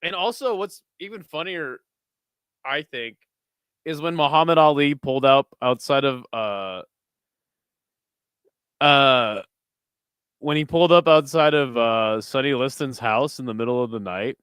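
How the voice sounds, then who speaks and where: A man's voice: medium pitch, unhurried, long pauses, a bit bright, clear, resonant tone, dry recording. A young man streaming who chats with his viewers while watching videos, laughs often, swears freely and tells stories with animation.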